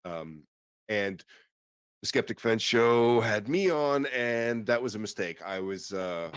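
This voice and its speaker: A man's voice: fairly low pitch, expressive, slow pace, clean tone, dry recording. A man hosting a podcast in casual chat, rambling and swearing freely, with plenty of fillers and restarts. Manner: rambling and profane, full of fillers. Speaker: podcast host.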